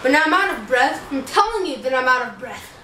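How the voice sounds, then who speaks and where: A woman's voice: sits high, sing-song, brisk, pushed and bright, slight background noise, full character voice. A girl doing a weary, stalling old nurse. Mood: complaining. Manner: teasing, drags things out. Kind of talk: parody scene acting. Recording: echoey room, far from mic.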